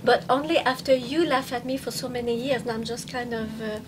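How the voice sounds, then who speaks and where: A woman from France with a French accent, a stand-up comedian chatting playfully in an interview, laughing often and pausing on fillers. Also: on the high side, steady tone. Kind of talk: casual interview chat. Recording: noticeable background noise.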